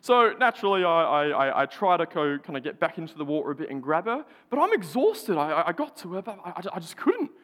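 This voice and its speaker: Young Aussie preacher, lively storyteller who trips over his words, a touch high, in a big echoing hall. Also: fast talker, few pauses. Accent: Australian. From Australia. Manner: animated storytelling with frequent stammered restarts and laughs. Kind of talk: sermon with personal story. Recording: long hall reverb.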